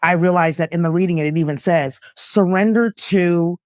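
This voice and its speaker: A woman guest, an actress and lifestyle coach, speaking earnestly and reflectively in a candid conversation, her voice jumping up when she laughs or gets excited. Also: normal speed, no echo, studio quality. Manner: earnest and reflective, with bursts of laughter and pitch jumps.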